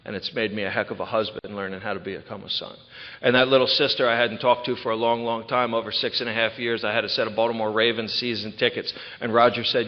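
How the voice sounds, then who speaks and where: Low-voiced man in an echoing hall. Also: little pitch movement, quick pace. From Ocean City, Maryland. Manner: candid, conversational storytelling. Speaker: recovery speaker. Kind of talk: personal testimony talk. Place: large event hall. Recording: echoey hall, dull lo-fi sound.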